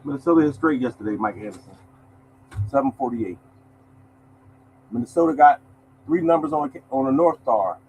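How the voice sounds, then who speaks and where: A man's voice: mid-range voice, lively intonation, moderate pace, long pauses, darkish tone, a little hiss or hum, low-quality recording. A man hosting a lottery podcast in a casual, emphatic monologue, repeating his points and calling listeners y'all.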